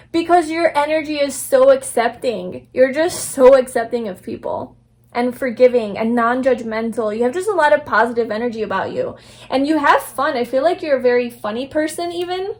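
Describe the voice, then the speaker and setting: A young woman giving a casual pick-a-card tarot reading, rambling and affirming, with many fillers and restarts. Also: a little high. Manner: soft, affirming, gentle delivery. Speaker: tarot reader.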